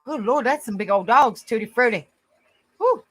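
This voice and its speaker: A woman's voice: on the high side, lively intonation, normal speed, breathy edge, soft background music. A woman hosting a casual live stream, affectionate with viewers, exclaiming often and laughing easily. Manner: affectionate, calls viewers honey and sweetheart.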